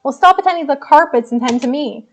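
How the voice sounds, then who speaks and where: A woman's voice: sits high, lively intonation, fast. A woman putting on a pushy, swearing arcade customer. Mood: impatient. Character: impatient rude young woman customer in costume mask.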